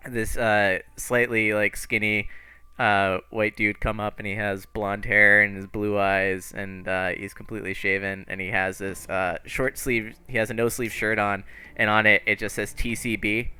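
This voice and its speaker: A man's voice: lowish voice, level tone, moderate pace, pushed and bright, smooth, dry recording. A man narrating a tabletop game as game master, laid-back and full of fillers. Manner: laid-back, filler-heavy, laughs often.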